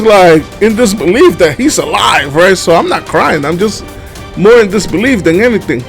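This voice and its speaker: A man from the Dominican Republic telling a comedic childhood story, animated and laughing often with casual fillers. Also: high-pitched, brisk, soft background music.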